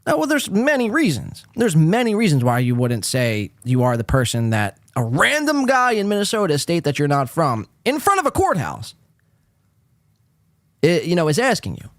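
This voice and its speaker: Male podcast host, snarky reaction commentary, lively high-ish delivery. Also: normal speed, no echo, studio quality. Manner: sarcastic, profane, rambling. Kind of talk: casual commentary.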